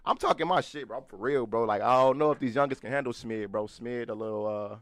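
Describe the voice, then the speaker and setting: Here a podcast co-host in his twenties speaks fast at a medium pitch with a fairly bright tone. He's casual and foul-mouthed, laughs frequently, and talks to his live chat. No room sound is audible.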